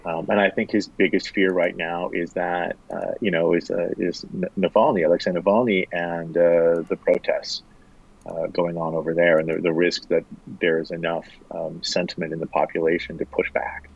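Lower-voiced professor guest, hesitant. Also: male voice, flat delivery, normal speed, gravelly, slightly rough, highs cut off. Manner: thoughtful, hesitant, many fillers. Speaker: political science professor, guest. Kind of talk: interview answers.

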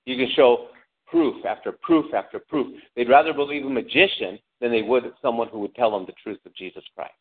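A man preaching a sermon with lively delivery, asking the congregation questions and acting out angry cries. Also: medium pitch, brisk. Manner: animated preaching, calls out to the congregation, acts out angry shouts. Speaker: pastor. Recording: tinny phone-like lo-fi sound.

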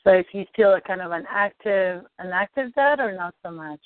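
A woman guides a client through a tapping session with gentle, probing questions. Her voice sits at an ordinary pitch. The sound is thin and phone-like, dry with no room echo. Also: expressive, normal speed. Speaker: coach. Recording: dry tinny phone-like line.

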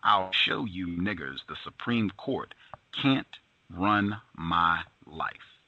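A man's voice: deep voice, takes it slowly, sharp tone, no echo, lo-fi sound, full character voice. A man reading aloud the lines of a menacing burly man from a book.

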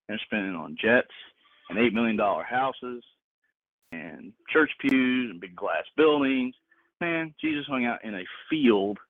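A man's voice: fairly low pitch, dry recording. A man preaching informally to a group on a call, emphatic and slangy, repeating words for stress. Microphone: phone. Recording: tinny dry phone line.

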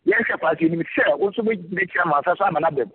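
A husky man with a high voice leads a fervent prayer, intoning long appeals. He comes through a tinny phone line. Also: wildly swooping pitch, very fast. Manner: intoning, invoking God at length. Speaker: prayer leader. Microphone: phone on a call.

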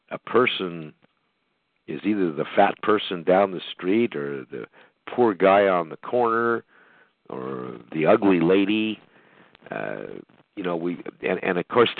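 A man's voice: deep voice, vocal fry, no room sound. An older American man hosting his podcast, talking in a rambling monologue full of fillers and restarts. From United States. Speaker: podcast host. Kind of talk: reflective monologue. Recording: dry, tinny phone-like line.

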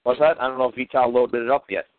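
A guest on a casual phone-in chat, this man fast-talks through a heated, profane story about a legal dispute, acting out the arguments he had. His mid-range voice is flat in delivery, and the tinny, dry phone line picks up crowd noise.

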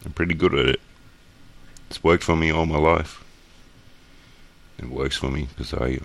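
A man's voice: extremely low pitch, steady tone, moderate pace, long pauses. A man with an Australian accent, co-hosting a podcast in casual, crude and joking chat. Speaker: podcast co-host.

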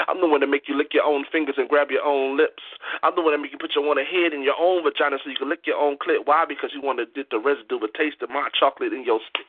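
Boastful man reciting over a phone line. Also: a little high. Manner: boastful, rhyming swagger. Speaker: guest poet. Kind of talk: spoken-word erotic poetry.

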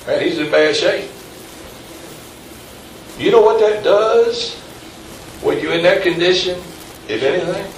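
Mid-sermon, a pastor with a high-pitched voice talks casually, then builds to emphatic peaks and throws questions to the congregation, speaking a little slowly with long pauses. He is captured from some distance in an echoey room against a faint ambient hum.

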